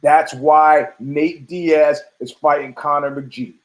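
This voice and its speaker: A man's voice: fairly high pitch, fairly even intonation, takes it slowly. Brash, profane man talking sports. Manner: brash, profane, rambling with restarts. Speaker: podcast host. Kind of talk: casual opinionated commentary.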